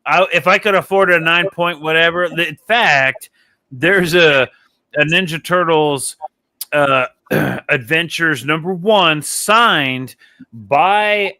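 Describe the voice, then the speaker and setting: A man's voice: a little high, takes it slowly, bright, forceful tone, no echo. A man hosting a casual podcast chat, telling rambling stories full of swearing and laughter. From Texas. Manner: rambling, profane storytelling with frequent laughs. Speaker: podcast host.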